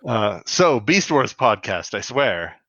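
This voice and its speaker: A man co-hosting a casual podcast, trading jokes while he recaps a cartoon. His voice sits at a middle pitch. The recording is dry and a little dull, with a lo-fi feel. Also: sing-song, slow pace, fairly bright tone, dry recording. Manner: jokey, slips into a put-on Canadian voice with "eh". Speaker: podcast co-host.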